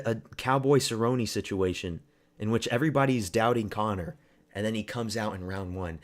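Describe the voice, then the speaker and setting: Low-voiced man chatting on a fight stream. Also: normal speed. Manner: rambling, profane, answers chat. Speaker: livestream host. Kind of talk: casual fight-night stream commentary.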